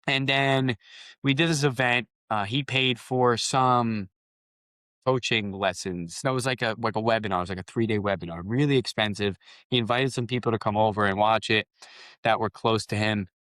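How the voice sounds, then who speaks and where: A man's voice: lowish voice, steady tone, normal speed, a bit bright, dry recording. A man, a company founder guest on a podcast, telling rambling anecdotes in a casual interview, with restarts and quoted dialogue.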